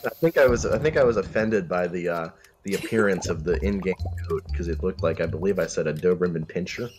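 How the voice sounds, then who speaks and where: A man's voice: low voice, fairly quick, darkish tone, slight background noise. A man chatting casually as co-host of a charity gaming stream, joking and laughing often. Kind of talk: casual chat.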